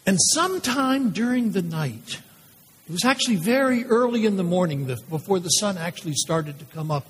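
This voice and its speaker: A man voicing a condemned male prisoner awaiting crucifixion, telling his story in a first-person dramatic monologue with intense pauses. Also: sits high, a bit bright, slightly rough, heavily acted. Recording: long hall reverb.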